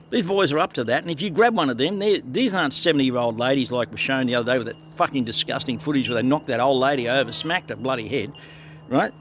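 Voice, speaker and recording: A man's voice: mid-range voice, fast, fairly bright tone, slight background noise. An older man with an Australian accent delivering a blunt, profane, heated ranting monologue as a vlogger.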